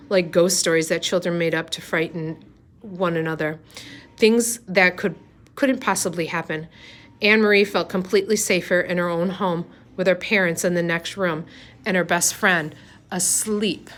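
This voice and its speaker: A woman reading a novel aloud, unhurried, with small slips and restarts. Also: fairly low pitch, steady tone. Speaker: reader.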